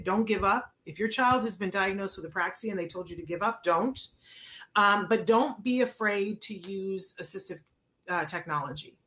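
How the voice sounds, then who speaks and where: A woman's voice: medium pitch, a bit bright. A woman hosting a live stream, answering viewer questions with direct, emphatic coaching and rhetorical questions, sometimes acting out little scenes with a child.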